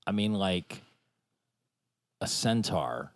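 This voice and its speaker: A man's voice: low-pitched, expressive, slow pace, vocal fry, no echo, studio quality. A man hosting a podcast, joking and rambling in casual chat. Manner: jokey, rambling, stammers on restarts. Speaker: podcast host.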